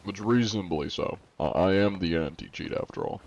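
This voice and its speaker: A man's voice: low-pitched, brisk, a little mellow, lo-fi sound. A man streaming a game live from a room at home, chatting playfully and jokingly greeting his viewers by name. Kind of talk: casual live-stream chat.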